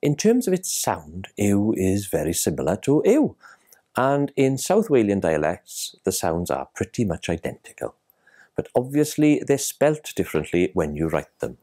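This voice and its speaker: A man's voice: lowish voice, huge pitch swings, moderate pace, warm tone. A man teaching a language lesson in careful, scripted narration, spelling out each sound.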